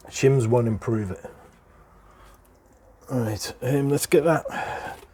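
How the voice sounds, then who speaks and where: A man's voice: mid-range voice, slow pace, warm tone, slightly rough. A middle-aged British man with a chatty, explanatory way of talking, walking through a hands-on repair. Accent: British English. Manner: chatty and explanatory, chuckles between points. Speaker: airgun hobbyist presenter. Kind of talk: casual hands-on repair walkthrough.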